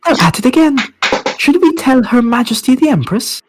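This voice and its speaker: A man voicing a prim, fussy female palace maid in a witchy falsetto for an amateur story reading. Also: sing-song, moderate pace, background noise. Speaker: volunteer reader.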